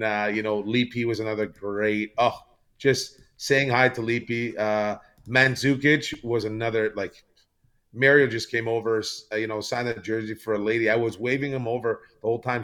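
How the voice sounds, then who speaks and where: A man's voice: medium pitch, little pitch movement, moderate pace, a bit bright. A man from Canada, a podcast guest, telling a long story in casual chat with lots of fillers and restarts. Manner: rambling storytelling with many fillers.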